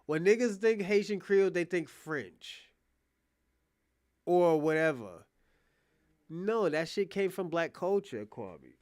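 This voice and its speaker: A man doing casual live reaction commentary, animated, loose and profane as he talks to his chat. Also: high-pitched, slow pace, pauses often. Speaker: streamer reacting to a debate.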